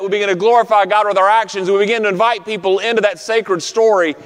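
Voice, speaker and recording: A pastor preaching a sermon to his congregation, with a rhythmic, repetitive preaching cadence that slows on key phrases. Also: sits high, clear, resonant tone. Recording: long reverb of a large room.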